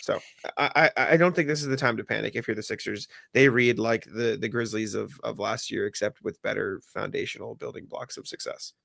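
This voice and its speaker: A man's voice: fairly low pitch, steady tone, brisk, gravelly, a bit bright, no room sound. A man co-hosting a sports podcast in casual chat, rambling and swearing freely. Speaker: podcast co-host.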